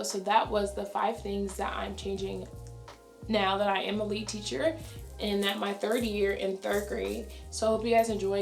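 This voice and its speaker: A young adult woman, a schoolteacher, talking fast and chatty in a casual vlog, her voice raspy and tired. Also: mid-range voice, reverberant. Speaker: elementary school teacher. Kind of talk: casual vlog talk to camera.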